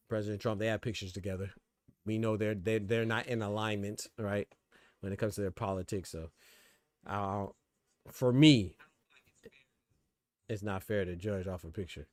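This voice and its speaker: A man's voice: on the low side, moderate pace, long pauses, dry recording. Slangy man chatting on a livestream. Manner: relaxed, slangy, reads chat aloud. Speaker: boxing commentary host. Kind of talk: casual livestream chat with viewers.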